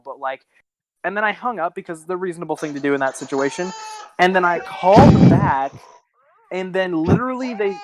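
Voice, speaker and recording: A young man tells a long, rambling story on a casual podcast, stopping now and then to laugh at his own jokes. His voice sits a little high, and the recording is close and dry with no room sound. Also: dry recording, poor audio. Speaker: podcast co-host.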